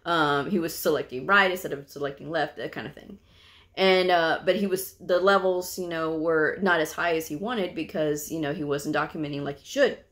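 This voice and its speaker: A woman's voice: low-pitched, moderate pace, a bit bright. A woman vlogger telling a story from her work in a casual, chatty way, with lots of asides and fillers. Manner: laughs while telling the story. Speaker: medical coding vlogger.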